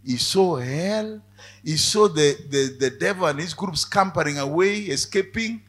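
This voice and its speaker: A male preacher giving a sermon, dropping to quiet asides and then rising to loud, emphatic cries. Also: fairly high pitch, expressive, a little slow.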